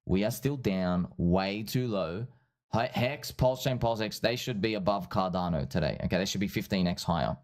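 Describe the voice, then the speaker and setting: A man hosting a livestream, giving rambling casual commentary in an excitable, repetitive way and calling his viewers friends and bro. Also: sits low, moderate pace. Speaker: livestream host. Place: at home streaming.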